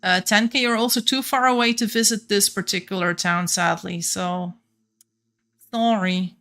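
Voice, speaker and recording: A Flemish woman from Belgium whose first language is Flemish, chatting casually with viewers on a game stream, a little monotone at times. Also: medium pitch, moderate pace. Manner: a bit monotone at times, laughs often.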